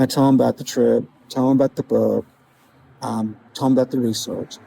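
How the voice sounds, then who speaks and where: A man vlogging outdoors, telling a vivid personal story in a casual, halting way, with quoted dialogue. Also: medium pitch, fairly even intonation, vocal fry, dark tone, slightly rough, rough recording. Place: outdoors outside a small-town grocery store.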